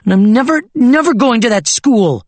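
Man doing a little girl, six years old, homesick, high pleading voice, breathy, dry close sound. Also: big pitch swings, measured pace, darkish tone, dry recording, heavily acted. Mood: defiant. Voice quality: raised, pleading pitch.

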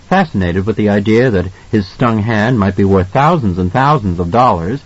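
Male audiobook narrator, low husky voice, lively delivery, muffled lo-fi recording. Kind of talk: scripted narration.

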